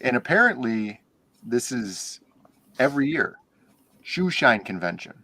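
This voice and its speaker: A man's voice: mid-range voice, sing-song, a little slow, bright, forceful tone, breathy edge, dry recording. A man co-hosting a comics podcast, making dry, wry jokes in casual chat. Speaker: podcast co-host.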